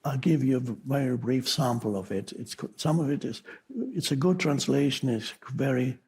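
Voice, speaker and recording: A man speaks as a spiritual teacher, talking to an audience at an unhurried, reflective pace. His voice is gravelly and very husky, with a middle pitch. He pauses often and corrects himself as he goes. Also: darkish tone. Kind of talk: unscripted spiritual talk to an audience.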